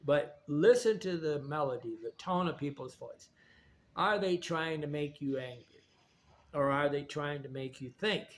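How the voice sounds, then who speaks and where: A man's voice: a little high, unhurried. A man talking in a rambling, digressive monologue, often restarting his sentences. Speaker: video essayist.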